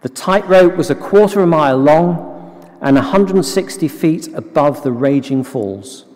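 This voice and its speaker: A man preaching a sermon in a slow, measured, earnest way, repeating key phrases. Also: fairly high pitch, lively intonation, a little mellow, in a large hall.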